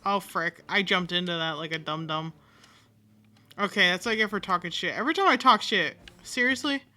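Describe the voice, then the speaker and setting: A woman giving casual, animated commentary while playing a video game, reading dialogue aloud and swearing now and then. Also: fairly low pitch, brisk. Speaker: game streamer. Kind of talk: casual let's-play commentary.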